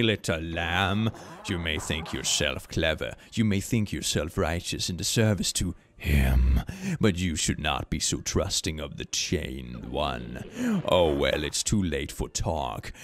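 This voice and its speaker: A man voicing a menacing villainous boss in a game, with a low, slow, threatening delivery. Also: gravelly, heavily acted. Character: menacing villainous cult boss, male, cold and scornful.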